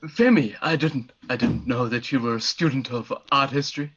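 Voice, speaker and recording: A man's voice: medium pitch, moderate pace, fairly bright tone, husky, highs cut off. A man playing a starship captain in a tabletop game, speaking in character with a dry, wry manner. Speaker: player as ship captain.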